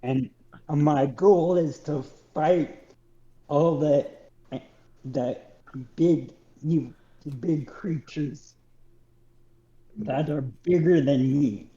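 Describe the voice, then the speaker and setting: This is a blunt warrior from the Badlands, played by a man in a tabletop game. He talks very slowly and haltingly, in a dark, mellow tone. The sound is echoey and dull, like a lo-fi mic in a bare room. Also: fairly high pitch. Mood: earnest. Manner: halting, hesitant delivery.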